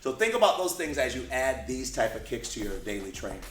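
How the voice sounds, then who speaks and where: A man's voice: medium pitch, big pitch swings, brisk, a little hiss or hum. A man co-hosting a martial arts lesson, explaining in an easygoing way with frequent "you know" and "right". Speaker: co-host martial arts teacher. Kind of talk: casual demonstration lesson. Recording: echoey room.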